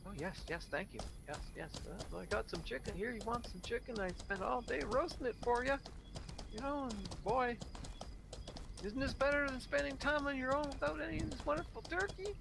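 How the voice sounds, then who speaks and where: A man's voice: very high voice, a little fast, creaky, background noise, pitched above the performer's own voice. Man putting on a smug, pushy dinner host. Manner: overbearing, pushy, fussing over the food. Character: smug man hosting a holiday dinner, condescending and demanding thanks.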